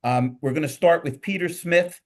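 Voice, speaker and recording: Rambling joking Philly host. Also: male voice, a little high, normal speed. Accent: Philadelphia. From Philadelphia. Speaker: podcast host. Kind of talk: casual panel talk.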